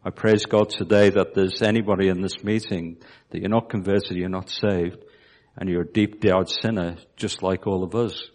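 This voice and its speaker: A man's voice: low-pitched, steady tone, normal speed, darkish tone. A man preaching a sermon, asking his listeners rhetorical questions. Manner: asks the congregation rhetorical questions.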